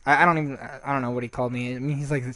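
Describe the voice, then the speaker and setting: A man's voice: mid-range voice, steady tone, racing, bright, forceful tone, no room sound. A man giving casual, rambling gameplay commentary, swearing freely and restarting his sentences often.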